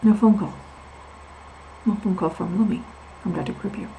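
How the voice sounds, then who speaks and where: A woman's voice: mid-range voice, normal speed, vocal fry, dark tone, slight background noise, low-quality recording. A woman telling her own story in a vlog, candid and emphatic, repeating words for stress and drifting onto tangents. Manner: candid and confiding. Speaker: vlogger sharing her medical experience.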